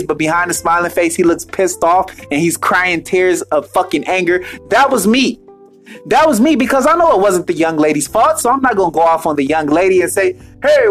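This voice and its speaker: A man's voice: high-pitched, fairly bright tone. A man telling a casual story as an exasperated, profane rant, repeating phrases for emphasis.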